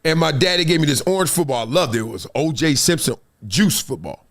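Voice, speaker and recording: A middle-aged man with a Southern California accent hosts a live show and tells his story with a high, bouncing voice. He acts out the quotes as he goes and laughs often. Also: animated, brisk, a bit bright, faint music behind. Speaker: host.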